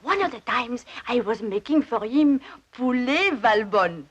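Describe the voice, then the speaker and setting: Old innkeeper woman, chatty, broken English, fairly high lively voice. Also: measured pace, husky, muffled recording. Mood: fond. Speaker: actress.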